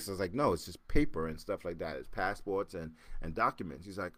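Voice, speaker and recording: A man hosting his podcast, telling a story casually with lively repeats and acted-out sounds. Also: on the low side, normal speed, dry recording, clean studio sound. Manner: animated, repeats words and acts out sounds. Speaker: podcast host.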